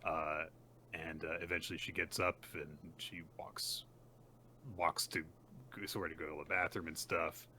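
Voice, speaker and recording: A man's voice: a bass voice, flat delivery, measured pace, bright, forceful tone, slight background noise. A man co-hosting a podcast, casually recapping a manga chapter with lots of fillers and acted-out character lines. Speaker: podcast co-host.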